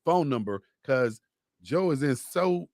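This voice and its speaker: A man co-hosting a radio talk show, animated and hyping a sponsor with emphatic repetition. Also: mid-range voice, slow, no echo, studio quality. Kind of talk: lively radio banter and live sponsor read. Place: radio studio.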